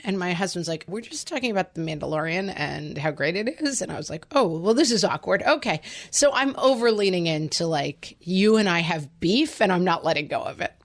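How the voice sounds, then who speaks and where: A woman's voice: lowish voice, brisk, hardly any pauses. A woman co-hosting a casual parenting podcast, joking and dramatically retelling her own parenting slips. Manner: animated, jokey, dramatic retellings. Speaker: podcast co-host.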